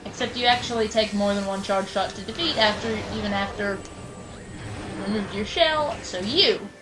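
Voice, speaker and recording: Speaking at a moderate pace with a medium-pitched voice, a woman narrates her gameplay casually and chattily, teasing herself and snapping at enemies in sudden mock-angry bursts. Game music plays underneath, and the audio quality is poor.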